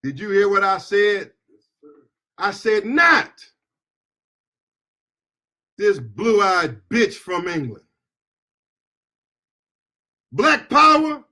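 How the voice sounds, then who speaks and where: This fiery political address comes from a middle-aged American man who works as an attorney and activist. His high-pitched voice is animated yet slow-paced, rising to shouts at the peaks, with call-and-response chanting throughout.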